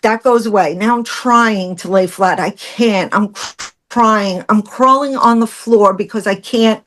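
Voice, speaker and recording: Brief: middle-aged woman, podcast guest, lively storyteller, mid-pitched voice, laughs easily. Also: measured pace. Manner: animated, acts out quotes, laughs through hard moments. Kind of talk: personal storytelling in conversation.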